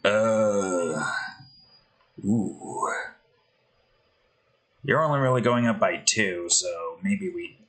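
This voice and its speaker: A man talks his way through building a game, slow and unhurried, trailing off to mutter and question himself as he goes. His voice sits a little low yet has a bright, forward edge. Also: lively intonation, low-quality recording. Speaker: game developer. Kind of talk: thinking aloud while building a game.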